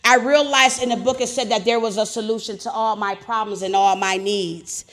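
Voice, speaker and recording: A woman giving a personal recovery testimony at a meeting. She talks in an animated, informal way and swings from loud emphasis to quiet reflection. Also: medium pitch, normal speed. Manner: animated storyteller, loud and soft by turns; informal, colloquial grammar.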